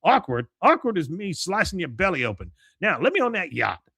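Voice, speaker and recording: A man's voice: high voice, huge pitch swings, fairly quick, creaky, sharp tone, slightly rough, dry recording, studio quality, pitched above the performer's own voice, full character voice. A man voicing a hot-tempered old male war veteran who bellows threats while recapping a cartoon episode on a podcast. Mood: indignant.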